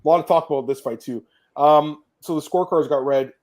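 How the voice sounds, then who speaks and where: Male host, casual podcast chat, quick and emphatic, slightly higher pitch. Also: a little mellow. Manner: emphatic, blunt, swears freely.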